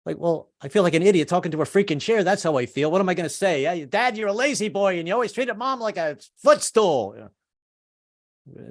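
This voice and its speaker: A man in his fifties performs a stand-up comedy set, stammering and poking fun at himself, and he suddenly switches into high put-on voices when imitating other people.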